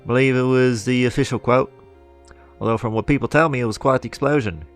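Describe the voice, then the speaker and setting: A man's voice: mid-range voice, a little fast, faint music behind, natural voice. A man voicing a shrewd female orc guild agent who speaks in a smug, prying, mock-formal way.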